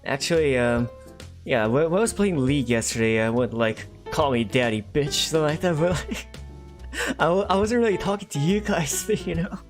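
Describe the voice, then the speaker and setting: A man's voice: a little high, expressive, moderate pace, soft background music. A young man chatting casually on a live art stream, rambling and self-deprecating and reading out viewers' chat.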